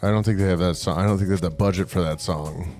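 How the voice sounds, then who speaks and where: A man's voice: low voice, fast, faint music behind. A man co-hosting a comedy podcast, retelling a movie with lots of swearing in casual chat. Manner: profane, storytelling, animated retelling. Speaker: podcast co-host.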